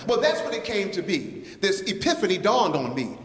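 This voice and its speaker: Male guest preacher, somewhat high voice, rhythmic poet's delivery, roomy echoing sanctuary sound. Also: huge pitch swings, normal speed. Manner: rhythmic, playful delivery, leads the congregation in call-and-response. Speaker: guest speaker at a church service. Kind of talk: sermon with rhyming spoken-word poem. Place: church sanctuary. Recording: echoey hall with long reverb.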